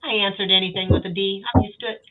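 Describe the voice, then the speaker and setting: A woman's voice: mid-range voice, fairly even intonation, quick pace. A woman guest tarot reader chatting casually and reading card meanings aloud. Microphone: remote call. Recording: tinny phone-like call audio.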